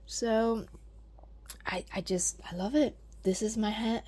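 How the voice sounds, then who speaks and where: A woman's voice: on the high side, a little slow, creaky, dark tone. Gushing, chatty woman plant vlogger. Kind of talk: casual plant vlog.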